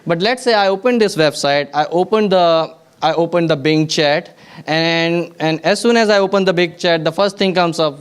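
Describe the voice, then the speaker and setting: Man, conference speaker, technical talk, clear resonant voice, slightly high, halting restarts. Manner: frequent restarts and repeated words, explaining step by step. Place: conference venue.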